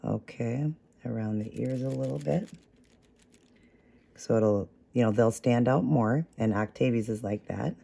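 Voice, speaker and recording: A man's voice: medium pitch, measured pace, creaky, mellow. Man, craft tutorial host; easygoing step-by-step talk, thinks aloud, fixes his own slips. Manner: chatty, talks while working, corrects own slips.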